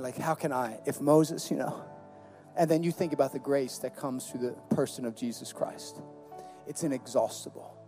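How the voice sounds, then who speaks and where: A man preaches a sermon in a high, light voice. He talks casually, with repeated words and quick acted-out quotes. Quiet music plays underneath. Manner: conversational, stammering restarts, acts out quoted voices. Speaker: pastor.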